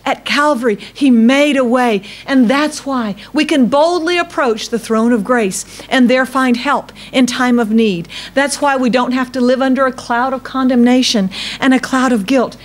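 A woman's voice: sits high, moderate pace. Woman pastor preaching with emphatic repetition. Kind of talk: sermon.

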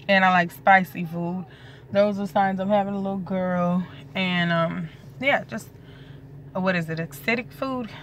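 A woman's voice: lowish voice, slight background noise. Chatty pregnant woman vlogging, loose and profane. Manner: loose, chatty, swears freely. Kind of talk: casual chat to camera.

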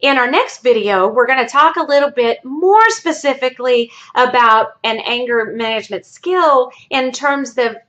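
A woman therapist gives an educational talk straight to her viewers. Her voice sits a little high and sounds bright and forceful. She explains by telling a story. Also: normal speed, few pauses, muffled recording. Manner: storytelling, friendly sign-offs. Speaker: family therapist.

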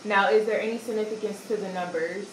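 A woman's voice: medium pitch, steady tone, fast talker. Inquisitive woman in a roomy class recording. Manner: inquisitive, asks for clarification. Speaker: class participant. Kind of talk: asking questions in class. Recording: roomy room sound with faint noise.

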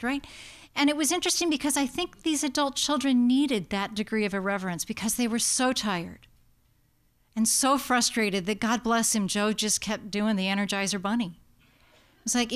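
Lively American woman palliative doctor. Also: a little high. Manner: lively, anecdotal, acts out quotes. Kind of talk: informal talk, storytelling.

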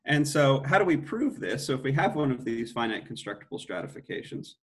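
A man's voice: mid-range voice, sing-song, brisk. A middle-aged man giving an academic mathematics lecture, thinking aloud with frequent restarts and self-corrections.

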